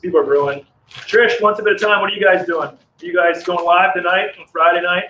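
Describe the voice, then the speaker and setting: Man, casual live-stream brewer, rambling and friendly with chat, slightly high voice, outdoors on phone camera. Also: steady tone, a little fast, sharp tone, slight background noise, poor audio. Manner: chatty, reads chat aloud, rambling. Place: outdoors in the cold.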